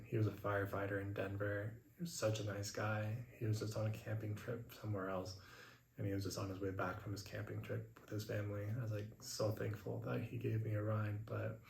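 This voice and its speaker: A young man hosting a podcast, telling a story in a casual, animated way and filling his talk with "like". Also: lowish voice, creaky, slight background noise. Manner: casual, lots of "like" fillers; animated retelling, acts out his own past lines. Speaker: podcast host. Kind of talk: storytelling monologue. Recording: roomy echo.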